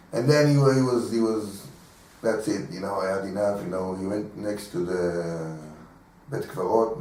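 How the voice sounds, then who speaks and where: Animated rabbi in an echoey room. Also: male voice, medium pitch. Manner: animated storyteller, acting out voices in the story, chuckling. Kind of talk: telling a teaching story in a class. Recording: echoey room from far off, faint background noise.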